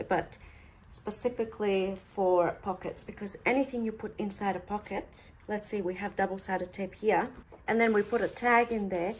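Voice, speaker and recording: A woman's voice: medium pitch, a little hiss or hum. A woman chatting casually through a craft tutorial, talkative and playfully sarcastic.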